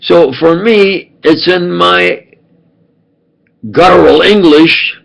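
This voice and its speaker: Slow, gravelly older New York man. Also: sits high, poor audio. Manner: halting, wandering, many fillers and restarts. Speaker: video blogger. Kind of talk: rambling monologue.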